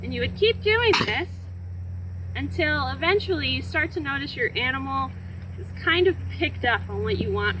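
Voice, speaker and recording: A high-pitched woman explains clicker training outdoors, talking casually while she works with a dog on the grass. The recording is noisy, with plenty of outdoor sound behind her voice. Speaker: library program host. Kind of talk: casual instructional demo.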